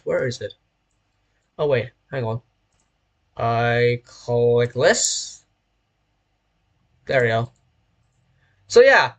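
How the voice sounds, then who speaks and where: A man's voice: mid-range voice, lively intonation, very slow, gravelly, long pauses. A young man from Hong Kong with a British-sounding accent and a sore throat, chatting casually on a stream, rambling and often correcting himself mid-sentence. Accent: British-sounding English. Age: young adult. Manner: rambling and self-correcting, often restarting phrases. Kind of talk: casual live-stream chat while playing a train simulator.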